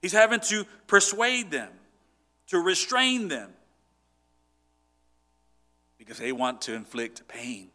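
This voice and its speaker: A man's voice: high voice, big pitch swings, slow, long pauses, bright, forceful tone. A man preaching a sermon in an earnest, conversational way, often restarting his sentences. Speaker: pastor.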